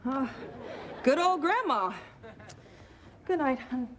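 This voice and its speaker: A woman playing a mother in a sitcom, teasing her child gently at bedtime. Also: sits high, expressive, slow, background noise. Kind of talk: sitcom dialogue. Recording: sitcom studio audience laughter.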